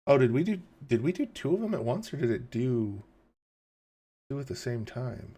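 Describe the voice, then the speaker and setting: A man's voice: medium pitch, very animated, normal speed, warm tone, slightly rough. A man hosting a livestream, rambling casually, chuckling and reading chat questions aloud, tired in the early morning. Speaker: livestream host.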